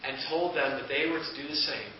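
A man's voice: a little high, brisk. Earnest man telling a Bible story. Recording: echoey, distant, dull with hiss.

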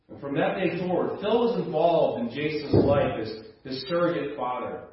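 A man preaching a sermon as a pastor, earnest, with soft low asides and raised emphatic passages. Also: moderate pace, hardly any pauses. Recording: roomy, distant mic, slightly dull.

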